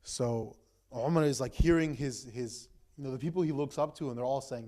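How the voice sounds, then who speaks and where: A man's voice: mid-range voice, brisk, dark tone. A young man in the role of an imam, telling a story in a casual sermon with frequent "right?" and "like" fillers. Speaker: imam giving a talk.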